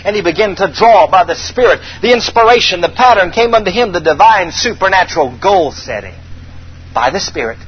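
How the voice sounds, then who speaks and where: Male preacher, sermon, high lively voice, call and response, dull recording, faint hiss. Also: a little fast. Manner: animated call-and-response preaching, dramatic scripture reading.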